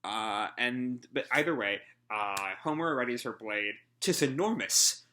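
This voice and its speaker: A man's voice: lowish voice, unhurried, pushed and bright, slight background noise. A man casually reading a manga chapter aloud and commenting, rambling with many ums and uhs, swearing freely and laughing along. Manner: laughs through his commentary. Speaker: manga reaction host.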